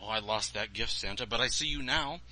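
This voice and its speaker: A man voicing a small, naive young man who speaks in a high, strained, pleading way. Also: a little fast, bright, forceful tone. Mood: timid.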